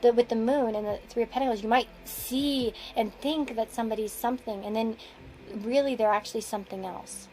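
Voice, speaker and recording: A woman's voice: on the high side, steady tone, brisk, warm tone, soft background music, poor audio. A woman giving a casual tarot reading, rambling and restarting her sentences with frequent chuckles. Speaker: tarot card reader.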